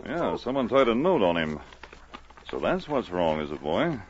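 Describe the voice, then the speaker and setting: Sergeant Preston, a kindly mountie. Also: male voice, deep voice, moderate pace, a crowd in the background. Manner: friendly, calm. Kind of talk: 1940s radio acting. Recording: dull old radio broadcast with loud hiss.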